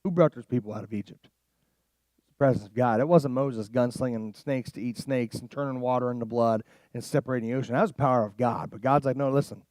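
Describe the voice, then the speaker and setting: A man preaching a sermon as pastor, animated and casual, dropping into quiet asides and rising into loud emphatic passages. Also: mid-range voice, fast, no echo. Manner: casual slang.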